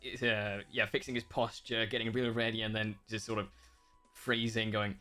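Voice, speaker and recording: Quiet hesitant male player. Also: on the low side, flat delivery, normal speed, soft background music. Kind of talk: tabletop role-play.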